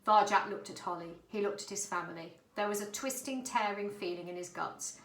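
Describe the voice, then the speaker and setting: A woman narrating a children's story in an expressive, dramatic reading. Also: mid-range voice, brisk, echoey room, rough recording.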